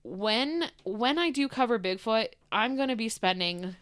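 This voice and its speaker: Woman, podcast co-host, casual chat, bubbly, laughs often, lively swooping pitch, dry close sound. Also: a little slow, clear, resonant tone, no room sound.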